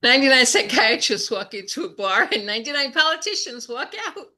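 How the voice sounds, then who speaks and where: A woman in an improv group, telling short bar jokes slowly and deliberately. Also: a little high, expressive, sharp tone. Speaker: improv player. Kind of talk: telling one-line joke setups.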